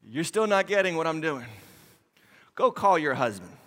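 A man voicing Jesus as a calm, direct teacher in a retold sermon story, speaking plainly with everyday slang. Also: fairly high pitch, normal speed, long reverb tail, pitched below the performer's own voice.

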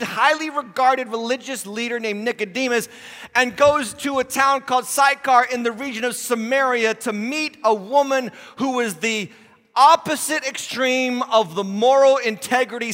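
High, bright-voiced preacher in a big hall. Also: male voice. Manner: animated storytelling, acting out Bible scenes with humor. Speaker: lead pastor. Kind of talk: sermon.

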